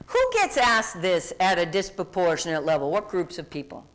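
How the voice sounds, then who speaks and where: A woman's voice: on the low side, animated, moderate pace, fairly bright tone. A woman diversity speaker giving a conversational lecture, often quizzing her audience.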